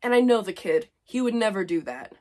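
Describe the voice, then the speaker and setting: A woman's voice: mid-range voice, animated, a little fast, darkish tone, lightly acted. Stern weary school principal, older man; a woman reads him.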